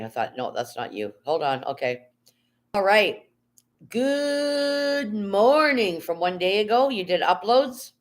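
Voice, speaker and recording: A live streamer in casual chat, rambling and reading viewer comments aloud, talking from bed into a phone held in hand. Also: medium pitch. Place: at home, lying in bed.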